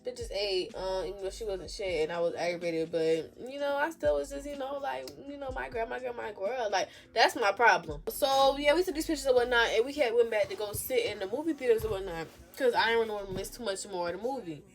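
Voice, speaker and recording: A young woman, chatting casually as a vlogger telling a storytime, animated and sassy, swinging between loud outbursts and low mumbles. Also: fairly quick, few pauses, faint music behind.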